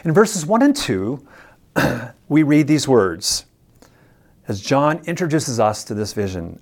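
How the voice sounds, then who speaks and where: A preacher teaching a sermon on scripture, speaking emphatically and deliberately. The preacher repeats words for stress and puts questions straight to the listeners. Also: mid-range voice, very animated. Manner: addresses listeners directly with questions.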